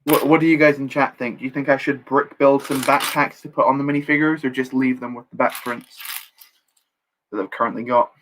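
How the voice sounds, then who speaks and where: A man's voice: mid-range voice, fairly even intonation, brisk, fairly bright tone, a little hiss or hum. A young man in easy live-stream chat, with an everyday mid-range voice. He responds to viewers and makes light jokes about himself as he works. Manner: chatty, reads chat aloud, self-deprecating jokes. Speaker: streamer building Lego live.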